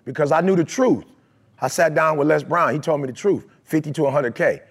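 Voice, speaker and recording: A man from Detroit, USA talks a little fast as he motivates a live crowd in a raised, gravelly voice pitched somewhat above the male norm. He's emphatic and conversational, leaning heavily on street slang.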